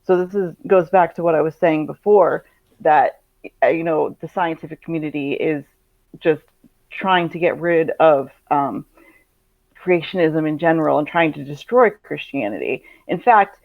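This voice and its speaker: A woman's voice: low voice, moderate pace, creaky, no echo. Eager woman on a dull, dry line. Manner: eager, sweary, with fillers. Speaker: podcast co-host. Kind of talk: casual panel discussion.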